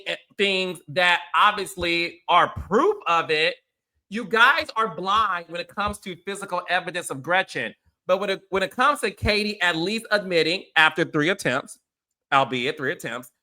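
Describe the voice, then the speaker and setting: A man's voice: high-pitched, sharp tone. A male host giving casual reality TV commentary, blunt and sarcastic, swearing freely as he calls out cast members.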